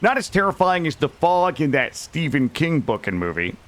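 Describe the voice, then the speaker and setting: A man's voice: a little high, very animated, moderate pace, fairly bright tone. A man from Vermont chatting casually with his live-stream chat while he plays, joking and swearing freely. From Vermont, USA. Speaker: gaming streamer.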